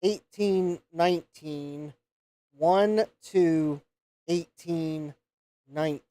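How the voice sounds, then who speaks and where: A man's voice: a little high, drawn-out words, mellow, dry recording. A man hosting a live repair stream, thinking aloud and counting pins as he checks a circuit board. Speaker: host of a retro computer repair livestream.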